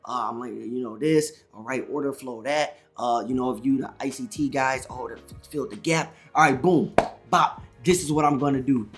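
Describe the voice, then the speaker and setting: A man's voice: mid-range voice, moderate pace, soft background music. A man who runs a trading channel, talking to camera in a loose, rambling way, full of "all right" and "you know" and restarts, a little wired after a big coffee. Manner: energetic, rambling, self-correcting, says "all right" and "you know" a lot. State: amped up on coffee. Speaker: day trading YouTuber. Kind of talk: casual to-camera trading advice.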